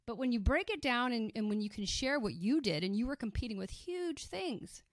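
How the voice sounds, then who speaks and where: A woman sales coach in a casual podcast conversation, talking in an animated, emphatic way with quick restarts. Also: on the high side, no room sound, studio quality.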